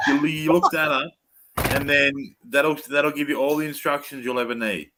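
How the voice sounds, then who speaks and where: A man's voice: on the high side, steady tone, moderate pace, background noise. A man calling into a livestream, making dry teasing jokes. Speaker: stream caller.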